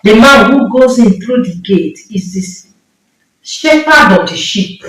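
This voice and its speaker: A woman's voice: on the high side, animated, takes it slowly, a bit bright, faint music behind. A woman with a Nigerian accent preaching a sermon with impassioned, emphatic delivery and repeated phrases. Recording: echoey room, mic far off.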